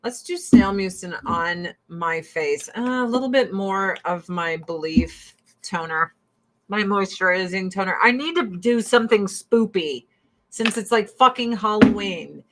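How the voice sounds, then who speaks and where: A woman in her forties talks through her skincare routine at home in a mid-pitched voice. She is blunt and swears freely, laughing as she goes. She speaks close to a streaming mic. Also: a little slow, fairly bright tone. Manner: profane and blunt, breaks into laughs. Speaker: vlogger. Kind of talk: casual chat during a skincare routine. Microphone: streaming mic close to the camera.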